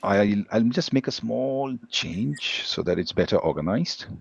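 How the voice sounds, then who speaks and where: A man's voice: lowish voice, a little slow, gravelly, slightly rough, muffled recording. A man, teaching a live workshop on speaking skills and explaining points steadily. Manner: explanatory, steady, stresses single words when demonstrating. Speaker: English language teacher, guest speaker.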